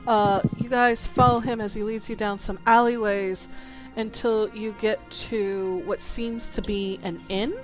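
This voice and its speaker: A woman narrates a tabletop game as dungeon master, taking her time with each scene. Her delivery is slow and descriptive, broken by small hesitations, over faint music. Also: medium pitch, little pitch movement, rough recording.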